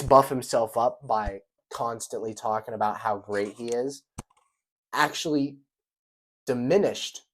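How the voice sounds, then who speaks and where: A young man rambling through a casual vlog commentary, repeating himself and swearing loosely. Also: mid-range voice. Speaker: vlogger.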